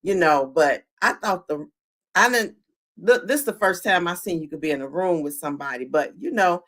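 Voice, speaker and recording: A woman's voice: lowish voice, normal speed. A woman hosting a live podcast, retelling a show's scenes with energy and asking her chat questions. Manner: animated, talks to the chat, acts out quotes. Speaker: podcast host. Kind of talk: live-streamed show recap chat.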